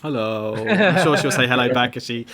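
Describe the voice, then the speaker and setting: A man's voice: medium pitch, expressive, moderate pace, a crowd in the background. A man in his thirties from England, hosting and running the game, chatting casually with a laid-back, rambling manner and frequent laughs. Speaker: host and dungeon master. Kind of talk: casual chat. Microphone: home mic on online call.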